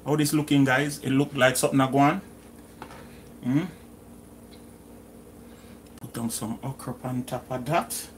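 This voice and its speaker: A man's voice: mid-range voice, fairly even intonation, unhurried, pauses often, slight background noise. A middle-aged Jamaican man chatting casually through a home cooking vlog in his kitchen, slipping into patois phrasing. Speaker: cooking vlogger.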